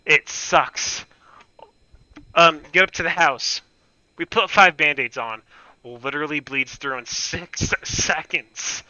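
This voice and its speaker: A man with a very bright, clear voice, pitched a bit high, rambles through a story while gaming and keeps breaking into chuckles. The dry sound is a little dull and lo-fi. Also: takes it slowly, no room sound. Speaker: gaming streamer. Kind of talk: casual anecdote while gaming.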